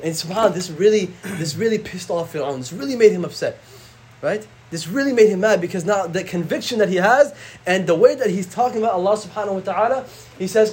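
An imam leads a casual religious class, speaking in a conversational, slangy way and reciting Arabic verses quickly. His voice sits high with a darkish tone.

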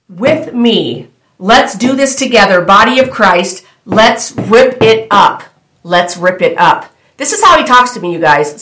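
A woman's voice: a little high, a bit bright. A woman delivering a prophetic word to her viewers, fervent and repetitive, speaking directly to them with bold declarations. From United States. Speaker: prophetic minister. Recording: echoey room.

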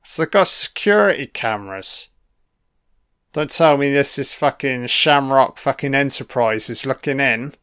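A man's voice: medium pitch, animated, a little slow, fairly bright tone, smooth. Sweary man doing film commentary. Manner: sweary, blunt and sarcastic.

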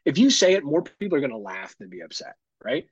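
A man's voice: mid-range voice, sing-song, quick pace, slightly rough, dry recording, dull audio. A man hosting a podcast, chatting casually and animatedly, swearing freely and laughing often. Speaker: podcast host. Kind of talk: casual chat.

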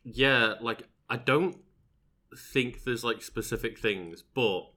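A man co-hosting a podcast in casual chat, talking in a relaxed, hesitant way and swearing freely. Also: mid-range voice, takes it slowly. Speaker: podcast co-host.

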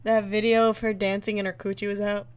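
A woman's voice: mid-range voice, flat delivery, fast, clean tone. A young woman co-hosting a casual podcast chat, agreeable and backing up her friend with short interjections. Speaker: podcast co-host.

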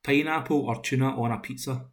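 Relaxed podcast host. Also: male voice, medium pitch, a little fast. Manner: relaxed, jokey, with swearing. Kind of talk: casual podcast chat.

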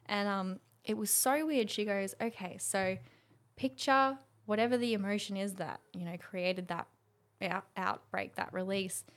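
A young woman in her twenties chats about her experience, slipping into quoted voices and laughing as she goes. Her voice sits at an ordinary middle pitch, and the talk is loose and animated. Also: a little slow. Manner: animated storytelling, acts out quotes, laughs often. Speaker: guest. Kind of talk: casual chat.

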